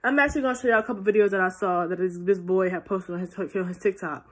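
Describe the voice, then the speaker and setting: A teenage girl vlogger, recorded on her phone, answers viewer questions in a husky, medium-pitched voice and talks fast. She's chatty and rambling, restarts often, and sounds tired, yawning along the way.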